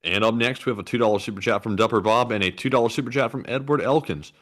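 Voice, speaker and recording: A man's voice: medium pitch, quick pace. A man with a Southern US accent co-hosting a casual livestream, reading viewer messages in an easygoing, wry way. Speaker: co-host reading super chats.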